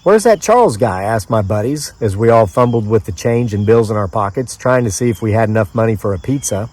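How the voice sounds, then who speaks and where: A man's voice: fairly low pitch, fairly even intonation, brisk, a little mellow. A man from the mid-Atlantic United States reading his own story aloud outdoors in the woods, in a dry, conversational storyteller's manner with offhand asides.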